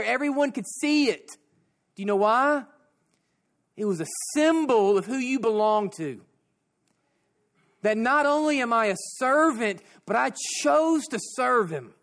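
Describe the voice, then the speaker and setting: A man preaching a sermon, repeating phrases and slowing down to stress his points. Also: very high voice. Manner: repeats phrases and slows down for emphasis.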